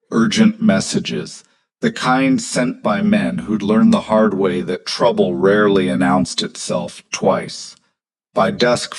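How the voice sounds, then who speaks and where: A man narrating a scripted story in a measured, steady way. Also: low voice, low-quality recording.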